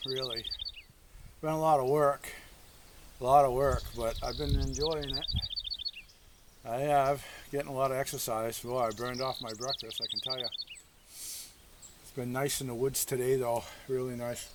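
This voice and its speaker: A man's voice: mid-range voice, fairly even intonation, moderate pace, pauses often, background noise. A man hosting an off-grid homesteading vlog, chatting in a folksy way outdoors and full of country sayings. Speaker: homesteader, channel host. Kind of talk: casual outdoor vlog talk. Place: outdoors in the woods.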